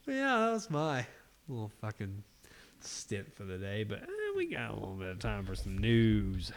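Man hosting a casual podcast, animated and foul-mouthed. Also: fairly low pitch, moderate pace, noisy background. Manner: swears constantly, animated storytelling. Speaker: podcast host. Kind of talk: casual chat.

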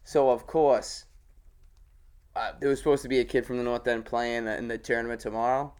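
A man's voice: mid-range voice, level tone, normal speed, a little mellow, clear, resonant tone. Profane man chatting loosely. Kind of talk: casual chat.

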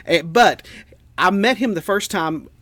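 A man's voice: high voice, measured pace, pushed and bright, no echo. A man co-hosting a podcast in easygoing casual chat, laughing along with his partner. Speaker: podcast co-host.

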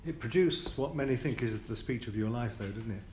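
Brisk-talking man, historian interviewer. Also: mid-range voice, darkish tone, reverberant, slight background noise. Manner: brisk, probing, leading questions. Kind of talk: interview questioning.

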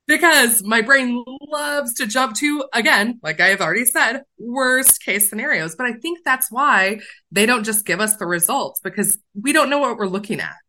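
A woman on a podcast telling a personal story in casual chat, animated and self-mocking, swinging quickly between worry and laughter. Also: on the high side, a little hiss or hum, low-quality recording. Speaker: podcast co-host.

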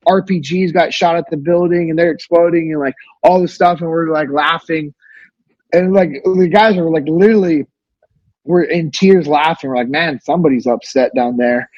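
A man's voice: fairly high pitch, normal speed, a little mellow, breathy edge, no echo, lo-fi sound. A man in his thirties telling stories casually as a podcast guest, laid-back with many fillers. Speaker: guest, former navy special operator. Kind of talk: casual storytelling.

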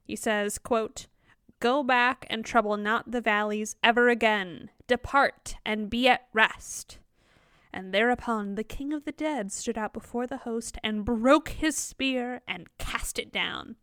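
A woman's voice: on the high side, a little slow, fairly bright tone, clean tone, no echo, clean studio sound. A woman co-hosting a casual book discussion podcast, reading quotes aloud and playfully mimicking characters. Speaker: podcast co-host.

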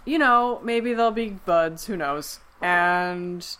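A woman co-hosting a podcast, recapping a movie in casual chat and acting out the characters' lines in quick voices. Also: lowish voice, clear, resonant tone. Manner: animated retelling, acts out quotes in quick voices. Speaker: podcast co-host.

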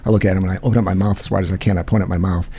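A man's voice: low-pitched, fairly even intonation, very fast, background noise. A man hosting a call-in show, telling a rambling, profane story full of fillers. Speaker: host. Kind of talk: casual storytelling.

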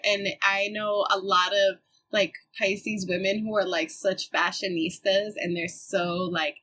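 A young woman with a bright, forward voice and a husky edge to it. She talks in a relaxed, slangy way, full of fillers, and laughs easily as she chats about her music. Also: mid-range voice, unhurried, rough recording. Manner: laid-back, slangy, laughs often. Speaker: musician guest. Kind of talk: casual chat.

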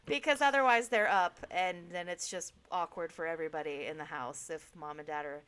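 A woman's voice: lowish voice, a little fast, clear, resonant tone. Frank, swearing woman in chat. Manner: frank, swears freely, lively storytelling. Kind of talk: casual chat.

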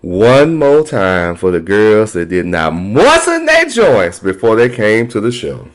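A man's voice: lowish voice, wildly swooping pitch, unhurried. A man hosting a podcast in a casual, sassy, playful way. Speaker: podcast host.

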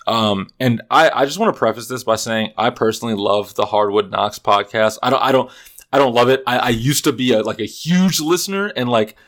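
A man's voice: medium pitch, brisk, a bit bright. A young man hosting a casual sports podcast, rambling with restarts and sarcastic asides. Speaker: podcast host. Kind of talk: casual chat.

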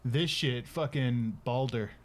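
A man's voice: mid-range voice, slow pace. A man co-hosting a casual podcast, laid-back and teasing. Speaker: podcast co-host. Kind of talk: casual chat.

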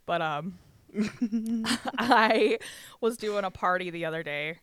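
Smooth-voiced, profanity-laced casual storyteller. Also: mid-range voice, measured pace, fairly bright tone, dry recording. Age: adult with ten years of banquet work. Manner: swears freely, acts out quoted dialogue, frequent laughs.

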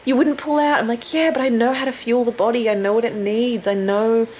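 A woman's fairly high voice moves a little fast as she tells her birth story during a casual interview. Lively and expressive, she acts out others' quotes loudly, with slight background noise in the clip.

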